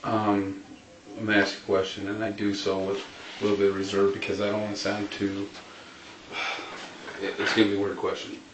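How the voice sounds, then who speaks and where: Male interviewer, low and cautious; far from the mic in a roomy space with background hum. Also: completely flat delivery, normal speed, pauses often. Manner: hesitant, careful phrasing. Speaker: police interviewer. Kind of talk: interview questions. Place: police interview room. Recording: distant mic in echoey room with noise.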